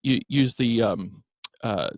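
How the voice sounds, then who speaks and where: A man's voice: mid-range voice, lively intonation, no room sound. Male radio host, conversational, stops and fixes his words, close dry mic. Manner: chatty, self-correcting, slows for emphasis. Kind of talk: casual radio talk. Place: radio studio.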